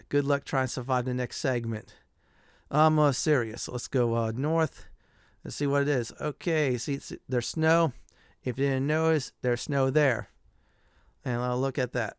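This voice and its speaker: A middle-aged man talks his way through a retro game playthrough in a loose, chatty way, full of "uh" fillers and chuckles. His voice is smooth and clear, sitting a little high for a man. The sound is dry and close, with no room around it. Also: no room sound. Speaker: gameplay commentator. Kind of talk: casual game playthrough commentary.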